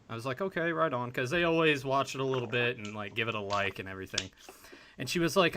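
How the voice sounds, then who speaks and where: Bright-voiced man hosting a podcast. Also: mid-range voice, lively intonation, quick pace, slight background noise. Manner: rambling, self-deprecating storyteller. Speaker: podcast host. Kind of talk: casual podcast chat.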